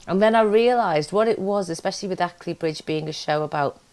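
A woman from Britain, an actor, giving an animated, expressive interview about her work and her upbringing. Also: on the low side, fairly quick. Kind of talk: casual interview chat.

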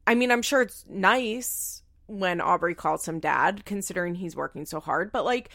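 Woman, casual recap podcaster, lively swooping delivery, gravelly fry, incredulous and profane. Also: on the low side, normal speed, no echo, clean studio sound. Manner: animated, incredulous, swears freely. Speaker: reality show recap podcaster.

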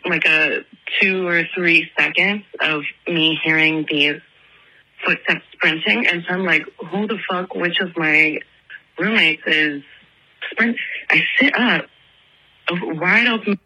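A young woman in her twenties leaves a rambling voicemail, packed with "like" and fillers. Her voice sits low but bright with a husky edge. It comes through a phone line. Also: takes it slowly. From Atlanta. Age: 20s. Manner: chatty, filler-heavy, lots of "like". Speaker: listener calling in with a voicemail. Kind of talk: casual phone voicemail storytelling.

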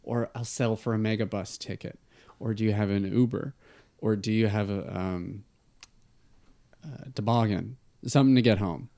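A man from Toronto, taking part in an improvised tabletop role-play, polite and halting. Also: on the low side, steady tone, gravelly, warm tone. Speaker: player.

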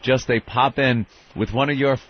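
A man's voice: medium pitch, steady tone, normal speed. A man co-hosting a radio talk show, chatting casually and chiming in with quips. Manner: casual, jokey, chimes in with quips. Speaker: co-host. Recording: dull radio-show audio with faint hiss.

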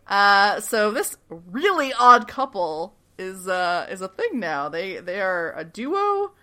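A woman's voice: medium pitch, slow. A woman hosting a podcast, casually recapping a TV episode and animatedly acting out quoted lines. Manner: animated retelling, acting out quotes with frequent laughs. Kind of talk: casual chat.

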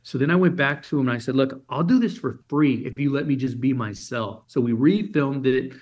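A man's voice: medium pitch, fairly quick. A man from Germany, a guest in an interview, telling a story with energy and acting out the voices of the people in it. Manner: energetic, acts out quoted voices. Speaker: podcast guest.

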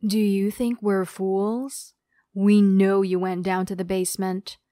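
A woman voicing a cold female kidnapper who poses as the mother, questioning slowly and coldly. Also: mid-range voice, level tone, warm tone, dry recording, studio quality, natural voice.

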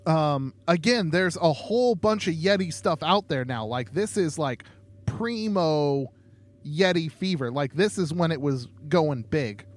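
A young man co-hosts a podcast in a loose, casual chat. His voice sits a little high, and he meanders through his points with plenty of ums and offhand jokes. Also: lively intonation, measured pace. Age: young adult. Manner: rambling, many ums, laid-back joking. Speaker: podcast co-host.

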